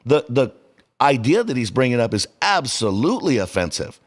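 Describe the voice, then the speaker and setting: A man co-hosting a podcast in casual chat, telling stories animatedly, with his pitch rising and dropping sharply. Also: normal speed. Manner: animated storyteller, swinging pitch. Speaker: podcast co-host.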